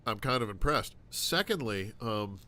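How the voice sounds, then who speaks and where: A man's voice: fairly low pitch, animated, a little slow, noisy background. An American man co-hosting a political talk show, joking with wordplay and trying out silly accents. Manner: jokey, wordplay, puts on accents. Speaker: podcast co-host. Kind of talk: casual political chat.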